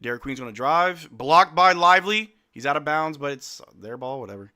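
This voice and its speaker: A man hosting a live game watch-along, calling the plays in casual slang and shouting at the players. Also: fairly high pitch, a little fast. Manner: animated, slangy, yells at players. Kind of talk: excited play-by-play fan commentary.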